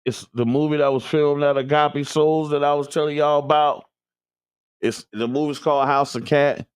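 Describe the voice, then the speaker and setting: A man's voice: on the high side, steady tone, normal speed, smooth, dry recording, clean studio sound. A man from the Tampa Bay area, hosting a community radio show in loose, joking chat aimed straight at listeners. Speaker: radio host. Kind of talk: casual talk radio chat.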